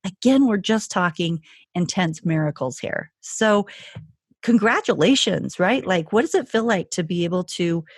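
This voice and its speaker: A woman's voice: lowish voice, lively intonation, moderate pace, slightly rough, no room sound, studio quality. A woman hosting a podcast interview who speaks with effusive enthusiasm to her guests. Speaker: podcast host.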